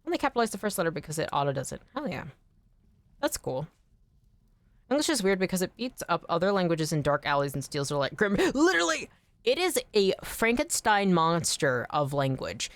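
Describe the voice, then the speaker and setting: An American woman chatting casually on a game stream, animated, swearing freely and laughing often. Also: fairly low pitch, fairly quick, no room sound. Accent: General American. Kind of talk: casual chat while streaming.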